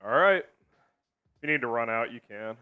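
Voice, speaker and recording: A man hosting a live sports stream, chatting in a relaxed way about raffles and viewer messages. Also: mid-range voice, a little slow, clear, resonant tone, phone-quality sound. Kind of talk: casual live-stream chat.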